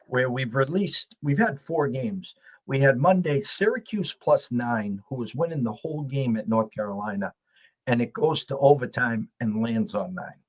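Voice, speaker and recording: A chatty American man talks sports betting in a relaxed show conversation. His pitch sits in an ordinary middle range, and he often stumbles over his first words before getting going. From United States. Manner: chatty, repeats words when starting sentences. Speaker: podcast host. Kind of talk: casual sports betting chat.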